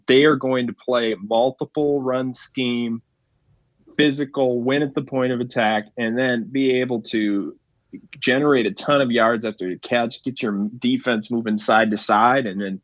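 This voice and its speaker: A man's voice: mid-range voice, steady tone, unhurried, dry recording, dull audio. A man talking as a guest on a sports podcast, breaking down football in long, analytical run-on lists.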